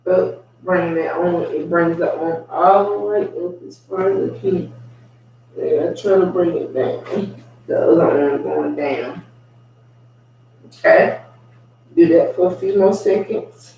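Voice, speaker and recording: A man's voice: sits high, gravelly, slight background noise. A man leading a home mobility workout, talking casually and unhurriedly as he coaches stretches. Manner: relaxed, unhurried coaching with asides. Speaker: fitness instructor. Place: room at home. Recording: echoey room, far from the mic.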